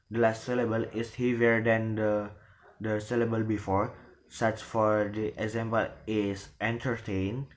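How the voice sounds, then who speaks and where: Man presenting a language lesson, unhurried and halting, often restarting mid-phrase. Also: on the low side. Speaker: presenter explaining word stress. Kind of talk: spoken lesson.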